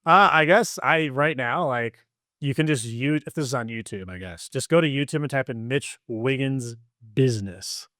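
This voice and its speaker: A man being interviewed as a guest on a podcast, talking in a rambling, animated way full of fillers. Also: mid-range voice, moderate pace, no room sound, clean studio sound. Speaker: podcast guest, business coach. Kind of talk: casual interview chat.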